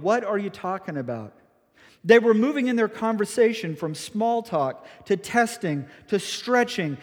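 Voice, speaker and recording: High-voiced male pastor in a reverberant hall. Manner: expressive storytelling, acting out the disciples' lines. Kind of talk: sermon.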